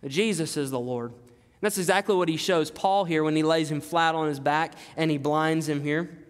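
A man's voice: fairly high pitch, moderate pace. A man preaching a sermon as pastor, emphatic and repetitive, asking his listeners rhetorical questions. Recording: long hall reverb.

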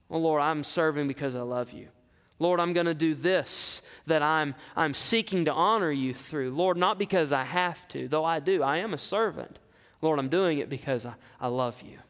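A man pastor preaching a sermon, animated, firing rhetorical questions at the congregation in a church sanctuary. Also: a little high. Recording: long reverb from a large hall.

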